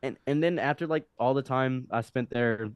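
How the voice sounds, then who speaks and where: A young man in his twenties, a podcast guest telling a story in casual conversation, animated and often restarting his sentences. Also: mid-range voice, moderate pace, clean tone, no room sound. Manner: animated, with frequent restarts and acted-out quotes.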